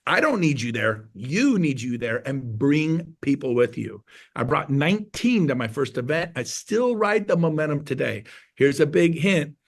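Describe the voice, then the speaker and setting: A man in his fifties from California, a real estate agent on a webinar panel, giving an excitable motivational pitch. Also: normal speed. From California, USA.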